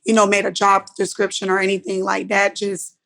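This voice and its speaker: Woman, hoarse worn-out voice, audience question, conversational, rambling. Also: mid-range voice, monotone, brisk, fairly bright tone. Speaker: audience member asking a question.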